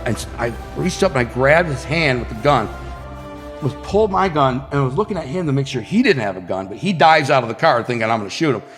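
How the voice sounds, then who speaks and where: Man, podcast guest, vivid slangy storytelling, sound effects, reverberant hall, faint background music. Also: medium pitch. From Detroit, United States. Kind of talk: casual storytelling.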